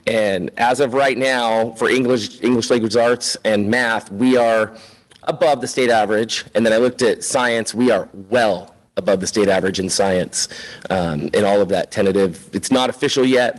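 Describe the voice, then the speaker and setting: A man with a somewhat low voice gives a spoken report as a school principal at a board meeting. He sounds chatty and upbeat, keeps things informal, and drops in plenty of "um"s and "uh"s. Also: rough recording.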